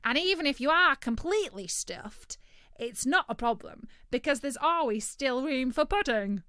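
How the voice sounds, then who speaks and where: Woman reader voicing a brash, high, bright-voiced greedy turkey, storybook character. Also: expressive, moderate pace, no echo, studio quality. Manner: loud, brash and cheeky. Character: greedy boastful male turkey, always hungry.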